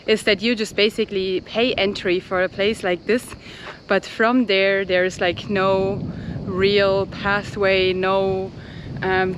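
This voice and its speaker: A woman's voice: mid-range voice, a little hiss or hum. Breathless woman vlogging outdoors. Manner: chatty, rambling with many fillers. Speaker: travel vlogger. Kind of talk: casual walking vlog chat. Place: outdoors at hillside ruins in hot sun.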